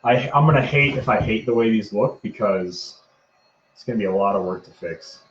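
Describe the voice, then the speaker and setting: A man hosting a prop-making livestream, chatting casually in a low-key, self-described monotone as he works. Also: moderate pace. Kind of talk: casual livestream chat while crafting. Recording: roomy, dull lo-fi sound.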